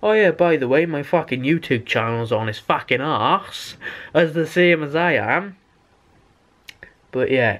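A young man from Britain telling a rambling, sweary story in a casual storytime vlog, sounding exasperated. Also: mid-range voice. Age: young adult. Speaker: vlogger.

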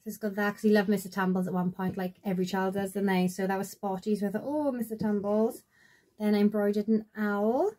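A woman's voice: medium pitch, fairly even intonation, brisk, darkish tone. A woman, chatting at home in a rambling, casual show-and-tell about her sewing, full of fillers and asides. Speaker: crafter showing her sewing projects.

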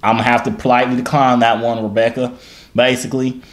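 A man's voice: medium pitch, flat delivery, fast talker, natural voice. Man putting on a hammy Southern drawl. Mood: flirty. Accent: put-on Southern US country. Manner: playful, flirty, mock-earnest. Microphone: video chat app.

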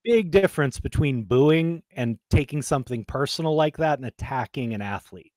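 A man co-hosting a casual podcast chat, talking at a middle pitch in an emphatic, storytelling way. The sound is dry and close, with no room around it. He builds his points with plain conversational force. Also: animated, normal speed, a little mellow, dry recording. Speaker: podcast co-host.

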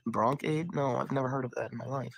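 A woman live streaming with a hoarse voice from being sick, rambling casually, laughing and swearing now and then. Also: very deep voice, quick pace, slight background noise, rough recording. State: hoarse from illness.

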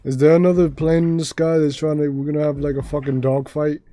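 A man streaming a game and rambling through casual, profane commentary, excitable and self-mocking. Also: on the high side, a little fast, slight background noise.

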